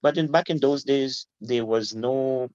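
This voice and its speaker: A middle-aged man, a guest telling his story in an animated, informal way and laughing easily. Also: mid-range voice, measured pace, dry recording. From Guyana. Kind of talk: casual interview storytelling. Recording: dull lo-fi, dry.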